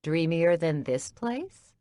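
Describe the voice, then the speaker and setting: A woman's voice: sits low, lively intonation, normal speed, no echo. A woman voicing a wry, blunt older female coworker in an audiobook.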